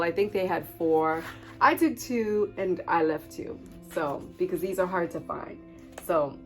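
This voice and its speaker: A woman vlogger talking casually through a craft haul, gushing and excitable, and she keeps calling her viewers friends. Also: medium pitch.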